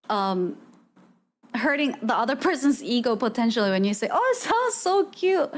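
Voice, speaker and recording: High-voiced woman chatting on stream. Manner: chatty, laughs often, reacts to chat; lots of "like" fillers and restarts. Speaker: VTuber streamer. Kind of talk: casual live-stream chat.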